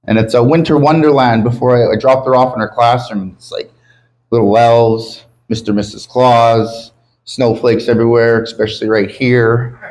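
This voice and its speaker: The recording is low-quality: a man from Canada speaks in a mid-range, darkish voice, with fairly even intonation at a moderate pace. Doing stand-up in a comedy club before a live audience, he curses often and crudely mocks himself, his city, and his sobriety.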